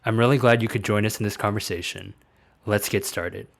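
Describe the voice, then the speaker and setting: A man's voice: lowish voice, fairly even intonation, brisk, vocal fry. A man in his twenties hosting a podcast interview, asking friendly, easygoing questions. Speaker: podcast host.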